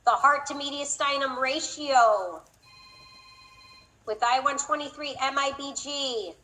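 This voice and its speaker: A woman's voice: high voice, unhurried, sharp tone, poor audio. A woman teaching a class, explaining procedures and teasing her students in a playful way. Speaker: instructor. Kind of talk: classroom lecture.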